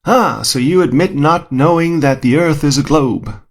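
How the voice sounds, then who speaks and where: A man voicing an accusing flat-earth believer with a put-on accent, husky and gravelly. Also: a little high, normal speed, voice pushed up. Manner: put-on accent, raised and insistent.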